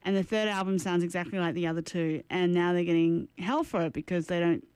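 A woman's voice: lowish voice, steady tone, brisk, a little mellow, clear, resonant tone, dry recording. A woman co-hosting a radio music show, giving chatty opinions on bands. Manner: chatty, opinionated, trails off and restarts. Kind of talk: casual radio chat.

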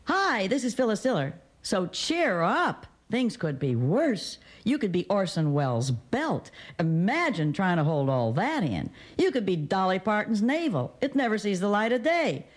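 A woman giving a comic cheer-up greeting with a drawn-out, swooping delivery. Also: medium pitch. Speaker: comedian.

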